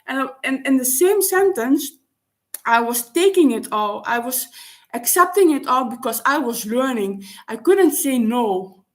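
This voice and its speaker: This Dutch-speaking vlogger talks in a slightly high voice with lively intonation, reflecting on her own life in a monologue. Her delivery is halting, full of restarts while she hunts for the right words.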